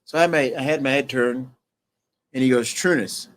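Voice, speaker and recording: Middle-aged guy telling his story on an interview, halting, lots of restarts, drops quiet on the heavy bits, average pitch. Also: fairly even intonation. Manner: halting, with restarts and fillers, dropping quieter at emotional moments. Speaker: interview guest. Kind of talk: personal storytelling.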